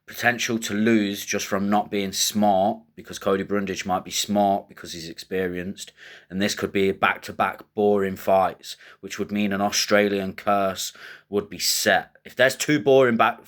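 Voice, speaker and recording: A man hosting fight predictions in casual, animated commentary, joking and swearing. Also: sits low, a little slow. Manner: animated, joking, crude trash talk.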